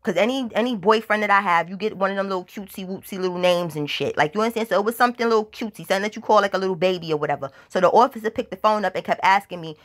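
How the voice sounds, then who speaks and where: A woman with a medium-pitched voice tells a casual storytime as a vlogger, rapid-fire with hardly a pause. She's profane and emphatic, repeatedly asking "you understand?"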